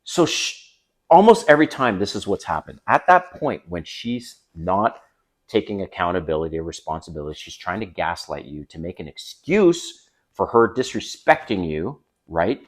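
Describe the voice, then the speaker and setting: A dating coach hosts his own channel, speaking straight to the camera with direct, conversational advice and acting out quoted lines. His voice is low and sing-song, at a normal pace.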